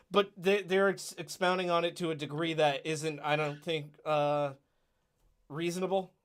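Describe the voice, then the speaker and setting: Brief: slightly high male podcast co-host, conversational, reads quotes aloud. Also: steady tone, a little slow. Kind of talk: casual political podcast chat.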